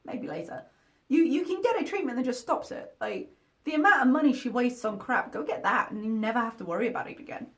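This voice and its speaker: A woman's voice: a little high, animated, quick pace, fairly bright tone. A woman commentating over a video she is reacting to, talking in a candid, critical and chatty way.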